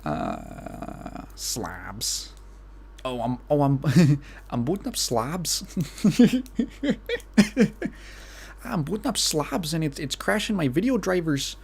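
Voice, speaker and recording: A man's voice: on the high side, huge pitch swings, measured pace, vocal fry, husky. A young man with a Midwestern American accent hosting a solo podcast, rambling casually and laughing at his own asides. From Illinois. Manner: rambling, self-amused, laughs often. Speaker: podcast host.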